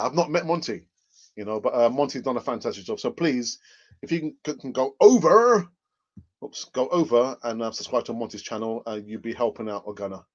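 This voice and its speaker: A man's voice: medium pitch, dull audio. A man hosting a casual live stream, chatting and reading out viewer comments, often laughing.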